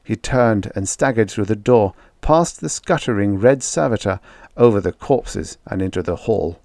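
A man narrating a science fiction audiobook in a steady, dramatic storytelling manner. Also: lowish voice, normal speed, creaky, no echo, studio quality. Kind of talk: scripted narration.

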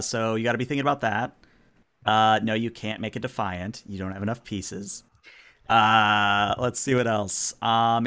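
A man's voice: on the low side, fairly bright tone. A man running a tabletop game stream as game master, talking casually and rambling with lots of ums.

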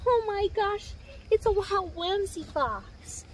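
A woman's voice: very high-pitched, lively intonation, takes it slowly, noisy background. A woman talking sweet, cooing baby talk to her pet fox, making kissing sounds. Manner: cooing, kissy, sing-song. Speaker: pet owner.

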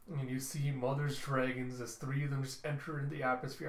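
A man narrating a comic book readthrough in an animated, casual, self-correcting manner. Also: medium pitch, fast talker, few pauses. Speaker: comic reviewer. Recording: roomy echo.

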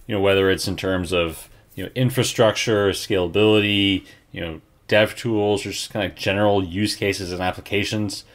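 A man's voice: low-pitched, fairly even intonation, normal speed, hardly any pauses. A man co-hosting a podcast, stepping back to pose broad, reflective questions. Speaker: podcast co-host. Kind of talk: casual interview questions.

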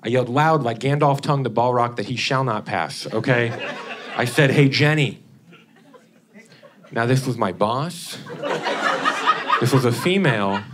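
Male comic, young, mid pitch, chatty stage delivery, noisy live club recording. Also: measured pace, long pauses. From Indianapolis, Indiana. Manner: chatty, keeps tagging lines with "okay?". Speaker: stand-up comedian. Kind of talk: stand-up comedy set. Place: comedy club stage with a laughing audience.

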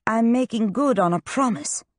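A woman voicing an arrogant young male wizard who speaks with low, gloating menace. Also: lively intonation, normal speed, no echo, clean studio sound, lightly acted.

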